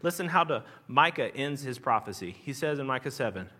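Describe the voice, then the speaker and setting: A pastor preaching a sermon in an earnest, conversational way with a regional Southern American accent, restarting phrases and swelling into emphatic lines. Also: male voice, medium pitch, expressive, a little fast, hardly any pauses, bright, forceful tone. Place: church sanctuary.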